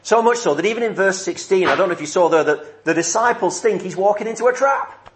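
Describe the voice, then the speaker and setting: Preacher, male, slightly high voice, earnest measured sermon delivery, emphatic repetition. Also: expressive.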